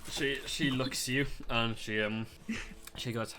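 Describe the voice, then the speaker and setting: A man's voice: medium pitch, steady tone, slow pace, crowd noise. Young man, game master narrating a tabletop session, loose and rambling. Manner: rambling, chuckling, with many fillers.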